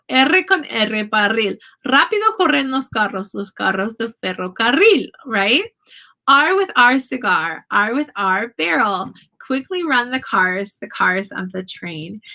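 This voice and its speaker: Bright-voiced woman teaching Spanish phrases. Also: a little high, poor audio. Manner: chatty, explains slowly, switches between Spanish and English phrases. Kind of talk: casual language lesson. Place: home.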